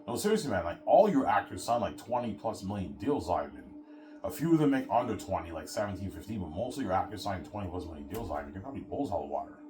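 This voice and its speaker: A man's voice: sits low, big pitch swings, fast, music in the background. A man voicing an admiring male business partner who stammers and repeats himself while talking money. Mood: insistent.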